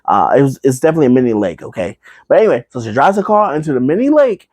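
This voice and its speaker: A man's voice: medium pitch, sing-song, darkish tone, no room sound. A man casually recapping a horror movie, rambling with fillers and asides, now and then acting out the characters. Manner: acts out characters in quick put-on voices.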